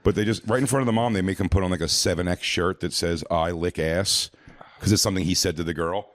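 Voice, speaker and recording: A man chatting casually on a podcast, telling stories and acting out the people in them with high put-on voices. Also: steady tone, very fast, dry recording, clean studio sound. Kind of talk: casual podcast chat with storytelling.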